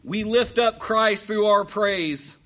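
Male preacher, very high voice, bright, hushed to shouting, rhetorical questions, sermon. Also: slow. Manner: swings from hushed asides to shouted exhortation; asks the congregation repeated rhetorical questions.

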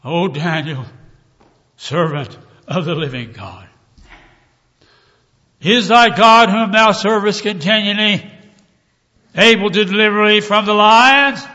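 Preacher playing an anguished king, loud pained high cries, lo-fi reverberant recording. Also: animated, takes it slowly, pauses often. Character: anguished ancient king calling into a pit. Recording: dull lo-fi recording, long hall reverb.

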